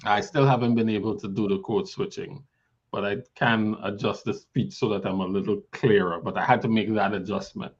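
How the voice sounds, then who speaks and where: A man's voice: fairly low pitch, fairly even intonation, brisk, breathy edge. Man chatting in a dull lo-fi recording. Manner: laughs often, mimics people while telling stories. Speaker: discussion panelist. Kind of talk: casual group Bible discussion.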